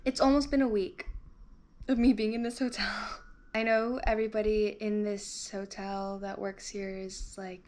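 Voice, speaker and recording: A woman's voice: medium pitch, flat delivery, normal speed, a little mellow, a little hiss or hum. A woman in her twenties telling a candid personal story in a vlog from a hotel room, bluntly and with frequent swearing. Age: 20s. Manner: blunt, swears freely, lots of "like". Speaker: vlogger.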